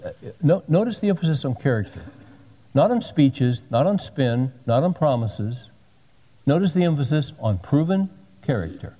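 A man's voice: medium pitch, animated, moderate pace, pauses often, dark tone. Man in his sixties preaching in a hall. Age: 60s. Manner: joking asides, folksy and direct. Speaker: pastor. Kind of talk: sermon.

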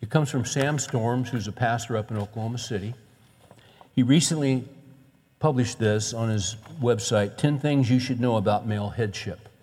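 A man's voice: medium pitch, normal speed, a little mellow. Earnest male preacher in a reverberant hall. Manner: earnest, conversational storytelling with rhetorical questions. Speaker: pastor. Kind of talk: sermon.

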